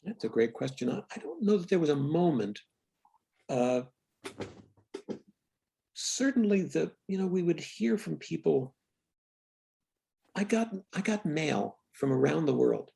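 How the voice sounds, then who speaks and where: A man's voice: fairly high pitch, very animated, vocal fry, slightly rough. An older man, a film writer and director, telling candid stories in an interview with a reflective manner and frequent restarts. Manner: reflective, restarts often, quiet trailing pauses.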